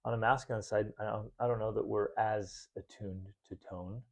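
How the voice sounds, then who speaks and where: A man with a mellow, warm voice hosts a casual podcast conversation with his wife. He talks freely and animatedly, jumping into little acted-out voices when he retells their disagreements. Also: on the low side, moderate pace, gravelly. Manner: animated, acts out arguments in voices. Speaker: podcast host.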